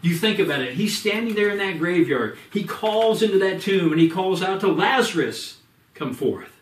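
A man with a slightly higher voice delivers an earnest sermon, slowing his words for emphasis. He sounds set back from the microphone in a roomy, echoing church. The delivery is steady pastoral preaching. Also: far from the mic. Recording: echoey room from off the mic.

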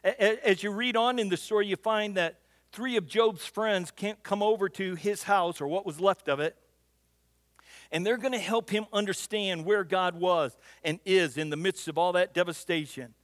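A man's voice: high voice, normal speed, clean studio sound. A man preaching a sermon, telling stories with a folksy storyteller's manner and often repeating the first word of a phrase. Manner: storytelling, builds loud for punchlines; repeats words when starting phrases. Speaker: pastor. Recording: long hall reverb.

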